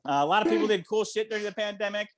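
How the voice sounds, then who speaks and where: A man's voice: high voice, rapid-fire. A man performing a stand-up comedy set over a video call, acting out the voices of other people. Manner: animated, acts out voices of others.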